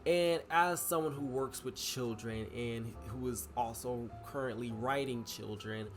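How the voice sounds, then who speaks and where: A man's voice: mid-range voice, measured pace, over music. A young man chatting casually in a vlog, rambling with many fillers and restarts. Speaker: vlogger and writer.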